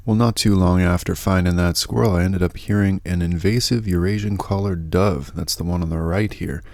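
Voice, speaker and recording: A middle-aged man hosting an outdoor vlog, talking in a relaxed, upbeat, chatty way. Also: low-pitched, normal speed, hardly any pauses, no echo. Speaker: host of a foraging and hunting channel. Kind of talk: casual outdoor vlog narration.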